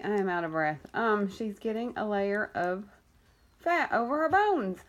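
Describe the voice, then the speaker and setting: A woman's voice: mid-range voice, lively intonation, unhurried. A woman giving a casual vlog update on her foster kittens, rambling with many ums, cooing at the cats now and then, and coughing while she gets over an illness. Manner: coos affectionately at the kittens. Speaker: cat rescuer and foster carer.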